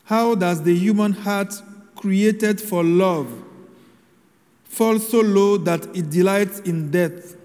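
A man delivering a sermon, his voice sitting high for a man. He speaks slowly and deliberately, pausing solemnly between phrases, and his words ring out with a long reverb as if in a large hall. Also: a little mellow. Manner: slow, measured homily delivery with solemn pauses. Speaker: preacher.

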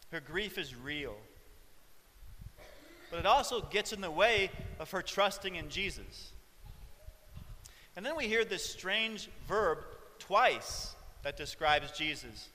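A male preacher giving a reflective sermon, with soft chuckles along the way. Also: fairly high pitch, long reverb tail, a little hiss or hum.

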